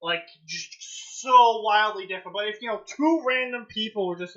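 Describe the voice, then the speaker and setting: A man hosting a fanfiction reading show, reading aloud with mocking commentary and acting out quoted lines in loud, high outbursts. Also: moderate pace, dull audio.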